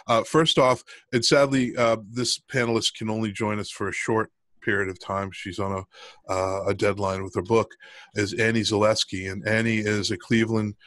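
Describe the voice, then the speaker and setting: A man's voice: fairly low pitch, level tone, moderate pace, fairly bright tone, no room sound. A middle-aged man co-hosting a podcast in casual chat, rambling with lots of ums and restarts. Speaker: podcast co-host.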